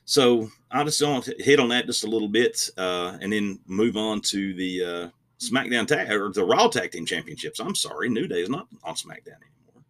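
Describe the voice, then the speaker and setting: Low, bright-voiced man chatting casually. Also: animated, moderate pace. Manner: rambling, restarts sentences, opinionated. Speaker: podcast co-host. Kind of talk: casual wrestling chat.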